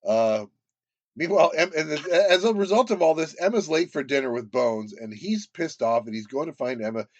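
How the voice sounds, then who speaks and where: Animated man chatting about a book. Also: fairly high pitch, normal speed, dry recording, highs cut off. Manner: animated, laughs often, acts out quotes. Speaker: podcast co-host. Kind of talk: casual book discussion.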